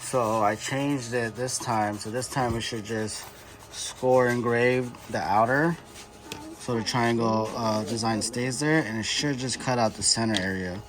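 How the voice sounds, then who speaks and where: This car body shop builder, also in the garage, speaks unhurriedly in a medium-pitched voice with fairly even intonation. He narrates the custom part build one step at a time in a casual how-to style, dropping fillers as he goes.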